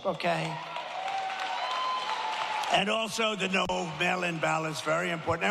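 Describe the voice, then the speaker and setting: Gravelly older man at a rally. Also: high voice, measured pace, a crowd in the background, background noise. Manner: repetitive, punchy, rising to shouted slogans. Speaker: political speaker at a rally. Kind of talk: rally speech. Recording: reverberant hall, gravelly.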